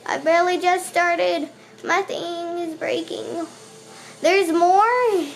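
A very high-pitched woman speaks slowly, with vocal fry and little pitch movement. She's a gaming channel host doing let's play commentary, often panicking and shouting repeated words in bursts back at the enemies.

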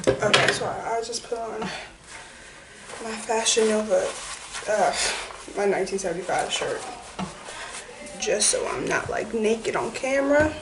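Young woman vlogger, casual and chatty, mid pitch; roomy echo, distant camera mic, noisy. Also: a little slow, pauses often. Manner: chatty, lots of "like" fillers. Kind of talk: casual vlog chat. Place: bathroom at home. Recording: echoey room, mic far off, noisy.

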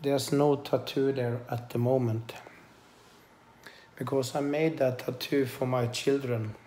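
Man, casual vlog, slow halting delivery, emotional, roomy sound. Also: mid-range voice, steady tone, dark tone, a little hiss or hum. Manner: slow, halting, with many pauses and fillers; tender and emotional. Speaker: vlogger. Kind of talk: casual personal vlog to camera. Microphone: handheld camera. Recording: echoey room.

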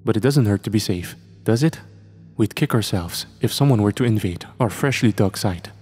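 A man's voice: fairly low pitch, animated, normal speed, a little mellow, breathy edge, soft background music. A man voicing a level-headed male archaeologist friend who speaks easily and reassuringly. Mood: easygoing. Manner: easygoing, reassuring.

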